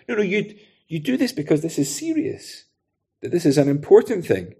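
Husky-voiced male preacher. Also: on the high side, sing-song, fairly quick, dark tone. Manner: conversational, with frequent rhetorical tag questions. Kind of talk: expository sermon.

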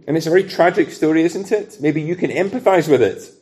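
A man's voice: on the high side, fast, darkish tone. A man with a Scottish accent preaching an expository sermon in a conversational way, often asking rhetorical questions.

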